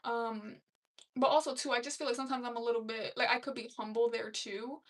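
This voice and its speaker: A woman's voice: a little high, flat delivery, fairly quick, distant mic. A young woman hosting a casual live stream, chatting loosely and laughing as she reads comments aloud. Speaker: livestream host.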